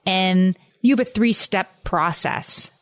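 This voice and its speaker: A woman's voice: mid-range voice, takes it slowly, no echo. A woman hosting a podcast interview, affirming her guest and summing up points before asking follow-up questions. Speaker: podcast host.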